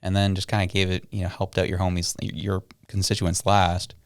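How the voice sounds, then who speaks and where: A man's voice: deep voice, monotone, fairly quick, smooth, no room sound, studio quality. A man co-hosting a casual political podcast, joking and sarcastic with loose slang. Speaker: podcast co-host.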